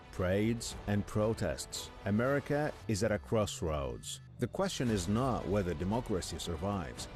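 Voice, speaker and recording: A man giving scripted, measured news narration with a dramatic delivery. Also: on the low side, darkish tone.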